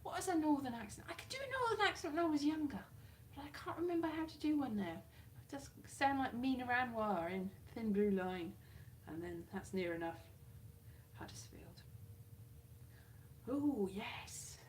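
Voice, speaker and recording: A woman talks casually into her webcam during a home livestream. She rambles and pokes fun at herself. Her voice sits slightly high. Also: lively intonation, fairly quick, a little hiss or hum. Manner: chatty, rambling, self-mocking. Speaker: YouTuber.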